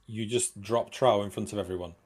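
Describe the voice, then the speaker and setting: A man running a tabletop game as game master, narrating in a casual, halting way with fillers. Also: lowish voice, steady tone, a little mellow.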